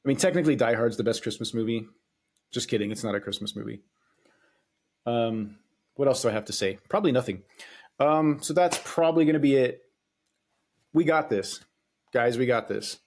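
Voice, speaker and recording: A man hosts his own podcast alone, talking loosely and swearing freely. He rambles and stops to restart his sentences. His voice sits at an ordinary middle pitch. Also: brisk, long pauses, darkish tone. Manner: rambling and profane, with frequent hesitations. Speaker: podcast host. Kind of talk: casual solo podcast monologue.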